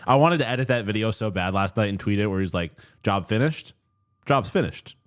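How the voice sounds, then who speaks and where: A man's voice: on the low side, fast, clear, resonant tone. A man co-hosting a casual podcast, blunt and joking as he needles the others. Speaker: podcast co-host. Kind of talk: casual chat.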